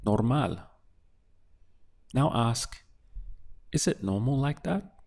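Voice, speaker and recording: A man teaching a beginner language lesson, asking patient prompts and then giving clear model answers. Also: mid-range voice, expressive, slow, darkish tone. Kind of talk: slow, deliberate language lesson with pauses.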